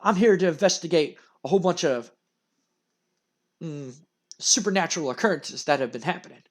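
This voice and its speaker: A man voicing an earnest, formal male private detective who questions and pitches himself as a bodyguard. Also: expressive, brisk. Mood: accusing. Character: earnest male private-eye wrestler, self-important.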